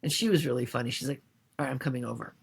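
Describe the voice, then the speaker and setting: A middle-aged woman appears as a podcast guest and tells a personal story with feeling, animatedly acting out other people's voices. She speaks very fast in a bass voice that is creaky and slightly rough.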